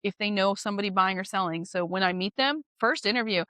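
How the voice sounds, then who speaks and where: Bright, animated woman real estate agent. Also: medium pitch, fast talker, no echo. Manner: animated, chatty, laughs easily; goal-driven, candid. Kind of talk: casual interview chat.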